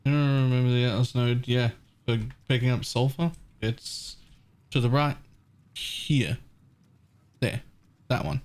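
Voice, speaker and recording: A man's voice: medium pitch, measured pace, long pauses. Casual, cussing male game streamer. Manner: relaxed, answers chat questions, swears casually. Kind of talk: casual live gameplay commentary.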